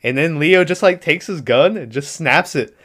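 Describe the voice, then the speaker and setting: A young man casually retelling a movie plot on a podcast, animated and swearing freely, acting out the lines. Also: fairly high pitch, moderate pace. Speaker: podcast host recapping a movie. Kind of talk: casual chat.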